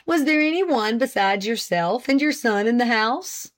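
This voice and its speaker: Woman doing a formal male prosecutor, deliberate, pointed questions, storybook reading. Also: fairly high pitch, lively intonation. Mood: probing.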